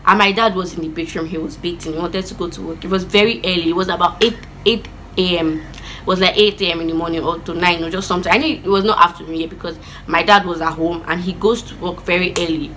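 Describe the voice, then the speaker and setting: Bright-voiced woman telling a story. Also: fairly low pitch, fast talker, slight background noise, low-quality recording. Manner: animated, chatty storytelling with asides. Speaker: vlogger. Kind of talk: storytime vlog.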